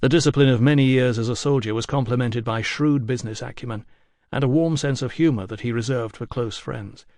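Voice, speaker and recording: Measured male audiobook narrator, dry sound. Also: medium pitch, a little mellow, dry recording. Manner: measured, deliberate reading. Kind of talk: scripted narration. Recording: dry close studio sound.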